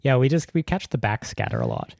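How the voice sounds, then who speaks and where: A man's voice: mid-range voice, huge pitch swings, fairly quick, vocal fry, darkish tone, dry recording, clean studio sound. A man hosting a podcast, chatting casually with rambling, giggly talk full of restarts. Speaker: podcast host.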